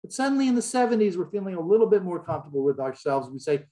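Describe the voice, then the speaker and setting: A man's voice: high voice, sing-song, very fast, warm tone. A man giving an illustrated public lecture in a large hall, telling stories with a wry, joking manner.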